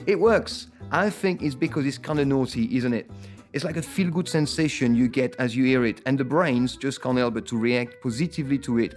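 A man with a French accent hosting a podcast, talking in an enthusiastic, lyrical way. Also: mid-range voice. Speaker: podcast host. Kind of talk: podcast interview and read ad.

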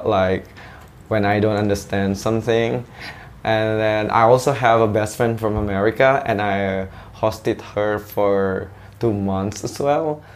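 A young man with an Indonesian accent, chatting as a guest and telling stories with lots of fillers and restarts. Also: on the low side. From Sulawesi, Indonesia. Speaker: guest, English teacher. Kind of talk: casual chat.

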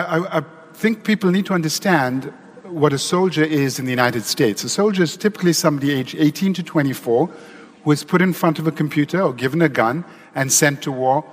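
Man speaking in a reverberant hall. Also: a little high. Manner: conversational and explanatory, addressing a live audience. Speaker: conference panelist. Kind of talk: conference talk.

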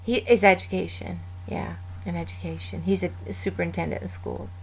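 Woman in her fifties, chatty guest, animated storyteller, laughs often. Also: on the low side, a little fast, vocal fry, slight background noise. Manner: lively, laughing storyteller acting out family voices. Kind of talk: casual chat.

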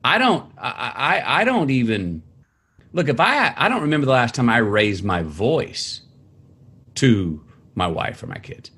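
A man guest telling stories about his family in a halting, searching way, often starting over, then jumping into lively quoted voices. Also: medium pitch, husky. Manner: halting, many restarts, animated quoting of family. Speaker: interview guest, author. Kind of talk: conversational storytelling.

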